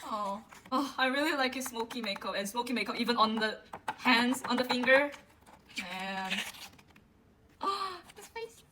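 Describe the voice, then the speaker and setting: A woman unboxing a music album and gushing over it in a casual way, with frequent gasps and a drawn-out delivery full of fillers. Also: fairly high pitch, a little hiss or hum, poor audio. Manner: excitable, gasps often, gushing. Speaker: vlogger.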